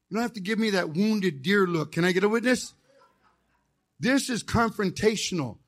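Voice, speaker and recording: Male chaplain, fiery call-and-response preacher, high voice, folksy and joking. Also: expressive, normal speed. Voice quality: folksy storytelling with jokes. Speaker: chaplain preaching as guest speaker. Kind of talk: sermon.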